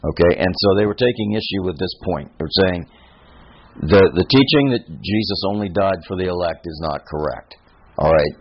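A man's voice: low voice, expressive, normal speed, slightly rough. A man preaching a sermon, emphatic and repeating phrases, asking his listeners questions. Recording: dull lo-fi recording.

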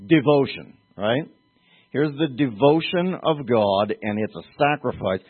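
A man's voice: medium pitch, animated, measured pace, husky. A man preaching a teaching sermon, explaining terms and putting questions to his congregation. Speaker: pastor. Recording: tinny phone-like sound.

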